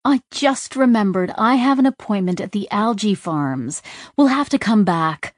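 A woman's voice: medium pitch, animated, moderate pace, no echo, clean studio sound, lightly acted. A woman voicing a gleeful, playful young female AI in an artificial body. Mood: hurried.

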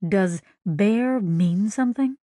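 Alien female pilot with an alien accent, measured and puzzled, a woman reading. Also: medium pitch, dark tone, no echo, clean studio sound, natural voice.

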